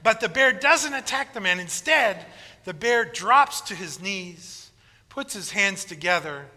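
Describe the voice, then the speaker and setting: Pastor, male, sermon delivery with lively storytelling; very bright, high voice, long church reverb. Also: a little slow. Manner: storytelling, animated joke-telling.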